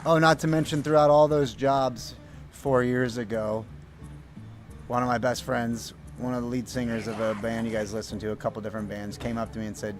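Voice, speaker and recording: A male streamer chats casually over his gameplay, telling a rambling story with the odd swear word. His voice sits at an ordinary middle pitch, and faint music plays quietly behind him. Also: level tone, a little fast. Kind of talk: casual chat while gaming. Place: home.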